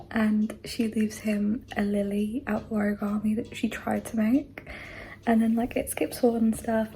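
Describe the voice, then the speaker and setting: A chatty young book vlogger gushes casually, peppering her talk with "like." She has a fairly high, dark voice with vocal fry, and the rough recording has a little hiss or hum.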